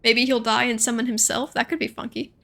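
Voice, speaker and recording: A young woman with a fairly high, bright voice gives loose, chatty commentary as she plays. She thinks aloud, muses in quick asides and talks to herself about her next moves. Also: steady tone, gravelly. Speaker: gaming streamer. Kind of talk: casual gameplay commentary.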